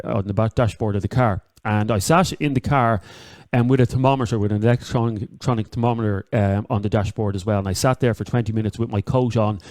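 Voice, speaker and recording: A man's voice: lowish voice, darkish tone. An Irish man hosting a talk radio show, chatting to listeners with lots of ums and uhs and repeating the number to call.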